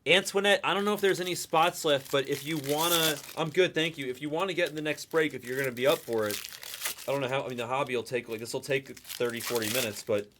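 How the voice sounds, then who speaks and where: A man hosting a live card break stream, chatting loosely with viewers in the chat and pitching spots. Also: steady tone, quick pace, noisy background. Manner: rambling, chatty, talks to the chat by name.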